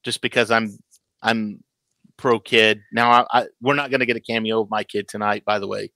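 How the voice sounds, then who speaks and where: A man in his thirties hosts a casual chat about a show. His voice is bright and forceful, the sound dry and close, and he tumbles into restarts while acting out what characters say. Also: fairly low pitch, moderate pace, dry recording, poor audio. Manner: animated, stammers, acts out quotes. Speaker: podcast host.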